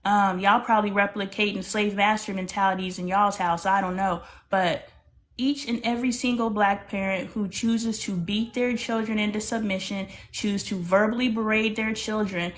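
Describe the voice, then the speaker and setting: Earnest, emphatic middle-aged woman. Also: mid-range voice. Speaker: book club member. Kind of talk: casual group conversation.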